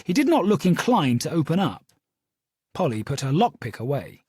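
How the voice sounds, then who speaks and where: A man narrating a first-person audiobook with a steady storytelling delivery. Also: fairly high pitch, normal speed, husky, dry recording, clean studio sound.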